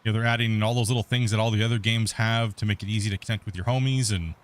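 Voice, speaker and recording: A man's voice: fairly low pitch, fairly even intonation, racing. Middle-aged guy streaming a game, casual rambly chat, keeps restarting his sentences. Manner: rambling, laid-back, frequent restarts. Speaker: let's play host. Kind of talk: casual gameplay commentary.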